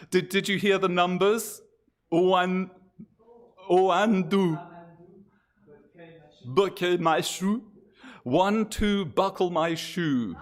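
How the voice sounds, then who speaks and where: A man's voice: a little high, fairly bright tone. A man hosting a live-streamed church event, talking in a chatty, hesitant way with frequent restarts. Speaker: host. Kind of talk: casual live-stream introduction.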